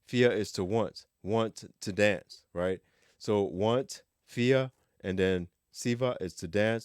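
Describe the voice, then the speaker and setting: A man teaching a casual spoken language lesson, relaxed and joking, repeating phrases slowly so learners can drill them. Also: fairly low pitch, smooth, no echo, studio quality.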